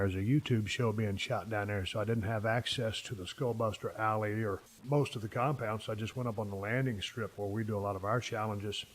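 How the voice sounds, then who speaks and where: Profane rambling storyteller man. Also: lowish voice. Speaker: podcast host. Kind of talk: casual chat.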